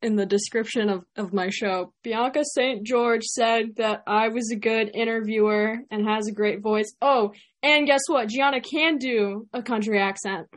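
A woman with a Chicago accent hosts a podcast in an easygoing, upbeat chat. She talks quickly and with plenty of energy, often trailing into laughter. Her voice sits a little high for a woman. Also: fairly even intonation. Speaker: podcast host. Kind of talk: casual interview chat.

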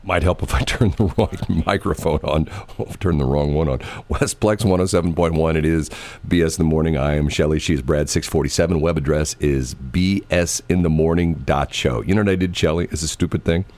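A man's voice: rumbling low, a little fast, darkish tone. A middle-aged man hosting a morning radio show, rambling in casual chat and laughing often, recorded in a radio studio.

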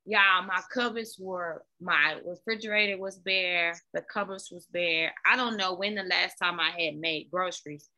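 Animated bright-voiced woman telling her story. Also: medium pitch, normal speed, few pauses. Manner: animated, repeats words, talks to listeners as "y'all". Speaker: guest, fitness coach. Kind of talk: candid personal storytelling.

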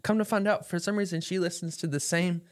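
A man's voice: high voice, fairly even intonation, fast talker. Wry man asking joking questions. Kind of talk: casual chat.

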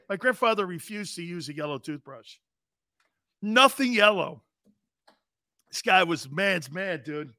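Man, sports talk host, high voice, brash and profane, dry close sound. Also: lively intonation, measured pace, long pauses, dry recording. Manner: loud, brash, profane storytelling with acted-out quotes. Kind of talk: rambling casual sports talk.

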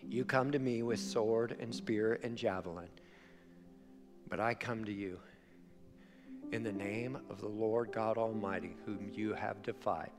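A man doing a hushed, defiant young shepherd. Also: fairly even intonation, measured pace. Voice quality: low hushed voice. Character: defiant young male shepherd facing a giant. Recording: long hall reverb, faint music.

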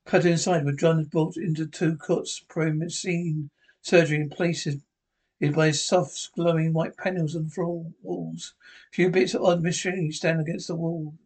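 Halting man retelling a TV episode. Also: fairly high pitch, flat delivery, a little mellow, slightly rough, rough recording. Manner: halting reading with restarts. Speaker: podcast narrator.

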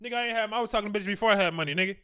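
A man's voice: sits high, very fast, pushed and bright, clear, resonant tone. A man giving crude, boastful dating advice in a casual monologue, full of slang and laughter, acting out his own conversations. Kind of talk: casual monologue with acted-out dialogue.

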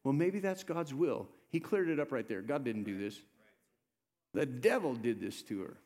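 A male pastor preaching a sermon, swinging between loud urgent appeals and low soft asides. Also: big pitch swings, moderate pace. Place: church sanctuary. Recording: live church sermon with long reverb.

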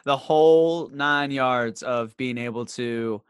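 A podcast host from Southwestern Virginia with a light Southern accent chats casually, telling playful stories and laughing often. His medium-pitched voice is slow, clear and resonant, recorded at studio quality with no echo.

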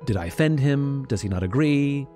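Podcast guest, male, candid and self-reflective, mid-range voice, soft music bed. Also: medium pitch, normal speed. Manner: reflective, blunt, animated when quoting others. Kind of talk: candid conversational talk.

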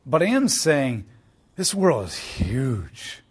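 A man's voice: mid-range voice, wildly swooping pitch, slow pace, breathy edge. A man teaching on a Bible book in a conversational, emphatic way, piling up rhetorical questions and repeated phrases.

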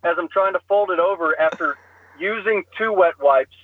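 A man telling a story in casual podcast chat, animated and self-deprecating, often laughing at himself, heard over a phone call. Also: high voice, moderate pace, slight background noise. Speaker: guest storyteller. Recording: slightly muffled phone line.

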